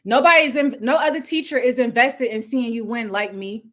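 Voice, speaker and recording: A young woman preaches hustle on a live stream, loud and fired up. Her voice sits high and bright, with a forceful edge. She laughs often between points. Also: moderate pace. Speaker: host of a live coaching stream. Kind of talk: live motivational talk. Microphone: phone or webcam at home with ring light.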